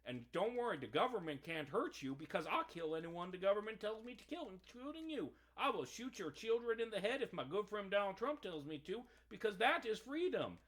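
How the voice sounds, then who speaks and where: A man voicing a brainwashed, gung-ho male soldier in an exaggerated, mocking, high-pitched way. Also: very animated, fairly quick, few pauses, a bit bright, full character voice.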